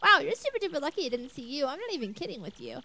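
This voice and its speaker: A woman's voice: sits high, very animated, very fast, creaky, sharp tone. A young woman casually commenting on her video game play in a bubbly, playful way. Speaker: let's play host.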